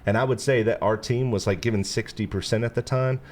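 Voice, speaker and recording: A man's voice: mid-range voice, a little fast, a little hiss or hum. A man hosting a casual chat, telling a long story with lots of fillers and acting out the quotes. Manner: animated storyteller, acts out quotes in bursts; relaxed, lots of "you know" fillers. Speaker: podcast host.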